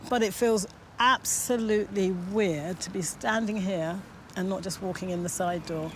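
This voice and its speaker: A woman's voice: medium pitch, moderate pace, slight background noise. Playful woman guest, laughs easily. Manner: warm, laughs often, playful. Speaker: TV presenter, guest. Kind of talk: casual chat.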